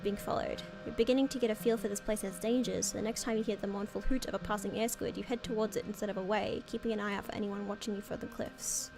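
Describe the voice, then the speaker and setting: A woman streamer reading a story game aloud, excitable, with squeals and dramatic reactions. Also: mid-range voice, fast talker, few pauses, over music.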